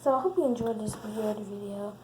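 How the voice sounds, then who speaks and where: A woman's voice: medium pitch, brisk, slight background noise, poor audio. A young female host chatting through a playful slime skit, giggly and exaggerated.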